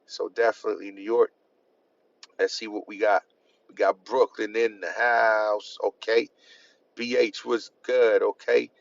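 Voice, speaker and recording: A man hosting a live stream, calling out viewers' hometowns with casual slang shout-outs. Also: lowish voice, flat delivery, measured pace, gravelly. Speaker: host. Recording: lo-fi dull sound.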